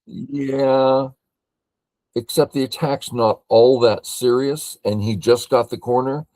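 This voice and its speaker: An older man from California reviewing a board game as a teacher, thinking aloud in a slow, matter-of-fact way. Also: mid-range voice, steady tone, mellow, no room sound.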